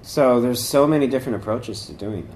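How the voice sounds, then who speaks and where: A man gives a loose, rambling talk on yoga and meditation practice, full of fillers and restarts. His voice sits at an ordinary middle pitch. The room echoes around him, with a faint hum of ambience behind. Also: expressive, a little fast, a little mellow. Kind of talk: informal dharma talk.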